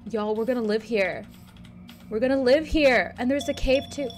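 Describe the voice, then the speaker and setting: A woman streamer giving excitable, swear-laden let's play commentary. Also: on the high side, moderate pace. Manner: excitable, swears, laughs often.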